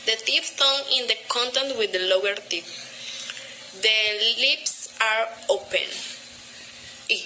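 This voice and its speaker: Slow, careful young woman reading aloud. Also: on the high side, rough recording. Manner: careful, deliberate reading with pauses between example words. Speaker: student presenter. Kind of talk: read-aloud class presentation. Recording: steady background noise.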